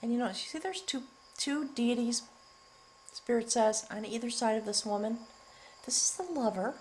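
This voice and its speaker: A middle-aged woman giving a spiritual tarot reading, earnest and emotional, slowly drawing out her words and sometimes dropping to a near whisper. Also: fairly high pitch, a little hiss or hum, rough recording. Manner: earnest and emotional, often choked up, breaking into soft laughs; slow, drawn-out delivery with soft near-whispered words. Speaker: tarot reader.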